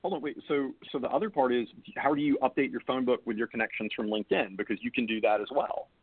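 A man's voice: mid-range voice, fairly even intonation, fast talker, husky, no echo. A man, a guest recruiter on a casual panel chat, explaining things step by step. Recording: tinny phone-line audio.

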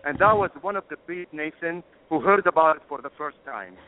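A man's voice: a little high, a little fast. A man speaking as a guest on a call-in radio discussion, impassioned and emphatic, stopping to apologize for getting emotional. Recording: tinny phone line.

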